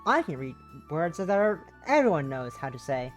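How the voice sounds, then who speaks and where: A woman streaming a game playthrough, reading the text aloud in a lively, casual way and tripping over words. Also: low voice, moderate pace, hardly any pauses, faint music behind. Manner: animated, stumbles and rereads words.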